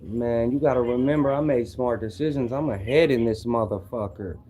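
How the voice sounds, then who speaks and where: A man's voice: mid-range voice, moderate pace, mellow. A young man from Louisville with a Kentucky accent, talking brashly and profanely on a livestream as he answers viewers' comments. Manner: brash, profane trash talk. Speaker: streamer.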